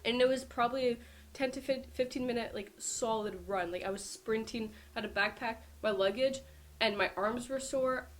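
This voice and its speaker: A woman's voice: a little high, moderate pace. A young adult woman, a powerlifter, chatting casually to camera in a vlog and filling her talk with lots of "like". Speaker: powerlifter vlogger.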